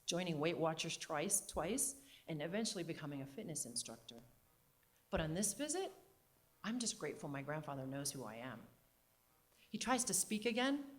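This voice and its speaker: A middle-aged woman performing a personal story live, measured and wry with careful comic pauses. Her pitch moves lively and expressive through each line. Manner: wry, deliberate comic timing.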